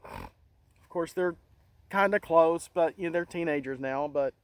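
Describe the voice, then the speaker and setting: A middle-aged man hosting a casual monologue, talking in an earnest, halting way with many restarts. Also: on the high side, clear, resonant tone, rough recording. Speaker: channel host.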